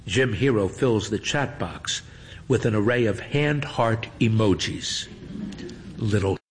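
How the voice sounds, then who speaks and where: A man narrating a story in an unhurried, dry and wry manner. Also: fairly low pitch. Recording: faint hum with long reverb.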